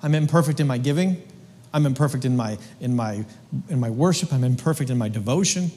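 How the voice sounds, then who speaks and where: A man's voice: mid-range voice, brisk, warm tone, long reverb tail. A man preaching a sermon in a casual, joking, slangy way, stumbling over restarts as he goes. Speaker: pastor.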